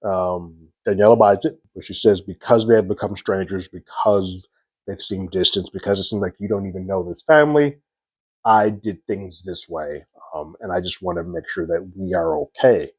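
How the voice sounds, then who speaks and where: Low, husky-voiced man reviewing TV. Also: expressive, moderate pace, a little mellow, dry recording. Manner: loose, conversational retelling with frequent fillers. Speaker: TV series reviewer. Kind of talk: casual episode recap and review.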